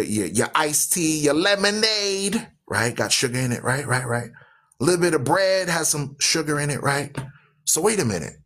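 Man, radio host, loud, emphatic, rhythmic repetition, fairly high voice. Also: husky. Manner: asks listeners questions with "right?". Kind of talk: fiery preaching talk.

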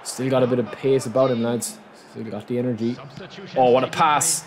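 A man commentating on his own football video game match, excitable, calling his viewers lads and bursting into shouts at big moments. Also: mid-range voice, moderate pace. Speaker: gaming YouTuber.

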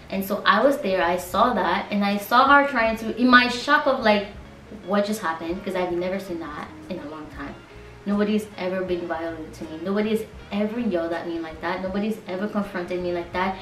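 Young woman from nigeria, animated storytime chat to viewers, roomy room, mic kinda far. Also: mid-range voice. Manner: animated, talks straight to viewers, lots of "like". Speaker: vlogger. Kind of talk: casual storytime monologue. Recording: roomy sound, mic set back from her.

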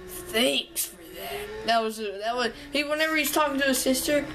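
A woman's voice: high-pitched, fast talker, music in the background. A young woman casually commenting while playing a video game, rambling and joking with herself. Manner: chatty, rambling, breaks into humming and singing. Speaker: gameplay commentator.

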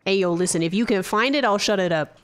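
A woman streaming a shooter game, chatting casually with profane, excitable trash talk. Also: mid-range voice, fast talker, a little hiss or hum. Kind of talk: casual gameplay commentary.

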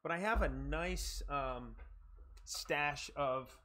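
This game streamer talks very slowly in a pushed, bright voice. He chants catchphrases to rally viewers and mutters quiet asides between them.

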